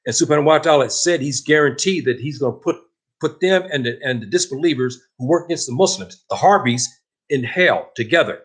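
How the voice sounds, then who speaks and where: A man with a husky, slightly rough voice delivering a religious lesson. He preaches with passion and drives his points home with heavy emphasis. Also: mid-range voice, lively intonation, a little fast. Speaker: Islamic teacher.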